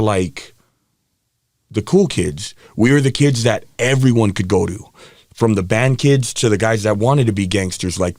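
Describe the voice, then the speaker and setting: A man's voice: medium pitch, a little mellow, no room sound, studio quality. A man, a podcast guest, telling his personal story in a frank, rambling way with frequent restarts.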